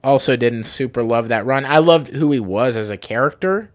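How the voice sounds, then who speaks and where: A man's voice: mid-range voice, normal speed. A man hosting a podcast in casual chat, profane and opinionated. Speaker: podcast host.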